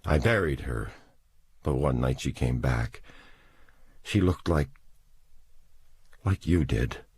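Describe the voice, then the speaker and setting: A man's voice: extremely low pitch, lively intonation, slow pace, a little mellow, husky, no echo, clean studio sound, full character voice. A man playing a grieving, lonely survivor who talks in heavy, broken, trembling speech, in a storybook reading.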